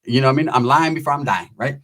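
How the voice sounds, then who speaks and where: A man's voice: mid-range voice, racing, fairly bright tone. A man telling a comic story in a profane, rambling, slang-heavy way. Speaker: comedic storyteller. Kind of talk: casual comedic storytelling.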